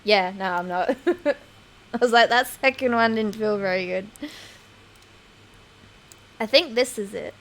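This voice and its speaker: A woman's voice: medium pitch, measured pace, pauses often, fairly bright tone. A woman streamer chatting casually over gameplay, laughing often and swearing freely, on a home desk microphone.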